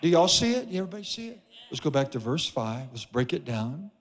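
A man's voice: fairly high pitch, big pitch swings, brisk, long reverb tail, slight background noise. A man preaching a sermon as pastor in a church, emphatic with repeated phrases. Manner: emphatic, repetitive preaching cadence. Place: church sanctuary.

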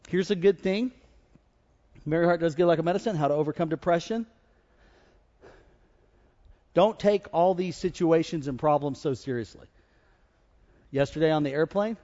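A male pastor preaching a humorous storytelling sermon, animated and joking, rising into loud exhortation. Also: on the high side, long reverb tail, dull audio. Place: church with congregation.

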